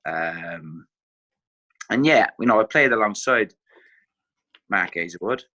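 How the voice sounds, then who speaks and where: A middle-aged man with an Irish accent, a former footballer telling animated anecdotes as a podcast guest, acting out what others said. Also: on the low side, takes it slowly. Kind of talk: casual podcast storytelling.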